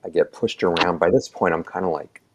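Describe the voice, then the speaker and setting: Deep-voiced man telling a rambling story. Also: fairly quick, a little hiss or hum. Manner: rambling, filler-heavy, acts out quoted dialogue. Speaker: EMT telling his story. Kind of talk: casual storytelling on a podcast.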